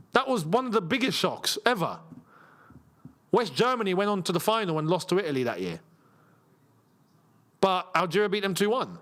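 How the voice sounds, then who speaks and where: Young adult male watchalong host, high, very animated voice, chatty and excitable. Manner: excitable, chatty, reacts loudly to chances. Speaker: football channel host. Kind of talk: live match watchalong chat.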